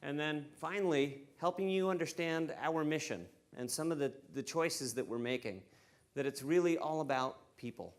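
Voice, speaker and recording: An American man speaking at a conference, relaxed and joking, with frequent fillers. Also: a little high, moderate pace. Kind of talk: conference keynote talk. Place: conference stage before an audience.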